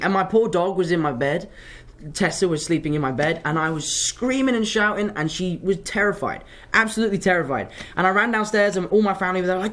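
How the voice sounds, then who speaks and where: A young actor with a high, fast voice answers fan questions in a casual live chat, telling stories in an animated, self-mocking way.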